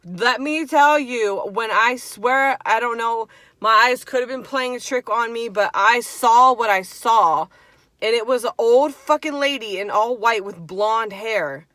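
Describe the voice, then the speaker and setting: A woman in her twenties telling a story on a vlog, animated and swearing freely, with lots of "like". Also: a little high, a little slow, dry recording. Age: 20s. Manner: animated, profane, heavy "like" filler. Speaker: vlogger. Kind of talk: storytime chat.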